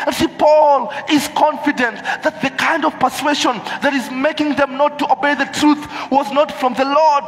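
A man preaching an animated sermon to a church congregation, acting out the voices of the people he quotes. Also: very high-pitched, normal speed, hardly any pauses. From Kenya. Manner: animated, switches into Swahili, acts out quoted voices. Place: church hall. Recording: echoey church hall with music.

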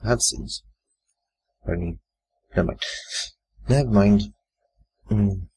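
A man's voice: lowish voice, takes it slowly, warm tone, slightly rough, low-quality recording. A man giving casual gameplay commentary, muttering his thoughts aloud to himself. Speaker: let's play gamer.

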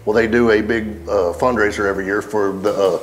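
A man's voice: lowish voice, fairly even intonation, brisk, a little hiss or hum. Laid-back man swapping golf stories. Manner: loose storyteller, swears freely, laughs at his own stories. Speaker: country singer, interview guest. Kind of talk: casual chat while playing golf. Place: outdoors on a golf course. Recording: faint music under the talk.

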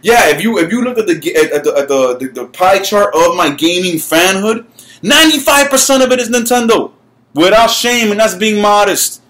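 A man with a slightly high voice rants to his camera about gaming, heated and profane. He swears freely and stumbles over repeated words when he gets worked up. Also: expressive, normal speed, a bit bright. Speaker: gaming YouTuber. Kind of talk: ranting vlog.

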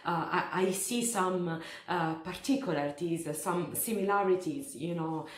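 A woman's voice: fairly low pitch, normal speed, echoey room. A woman reacting to a video, laughing and dropping in Italian exclamations. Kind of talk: reaction vlog commentary.

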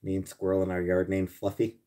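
Guy streaming and answering chat, kinda low voice, sarcastic, swears a ton, grumpy back and forth with viewers. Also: completely flat delivery, a little fast, warm tone. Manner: grumbling, sarcastic, swears a lot; answers chat messages by name.

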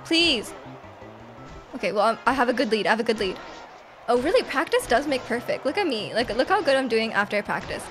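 A woman streaming a video game live, excitable and quick to laugh, reacting to her play and reading chat aloud. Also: fairly high pitch, faint music behind.

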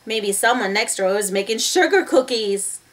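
A woman's voice: medium pitch, normal speed. A woman reading a children's story aloud, talking to her young listeners as friends. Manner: warm, expressive, addresses listeners as friends.

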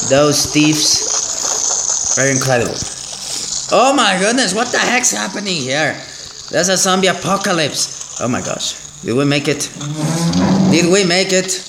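A man giving excitable let's play commentary as a gaming channel host, exclaiming and repeating himself. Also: high voice, unhurried, pauses often, noisy background. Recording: roomy echo.

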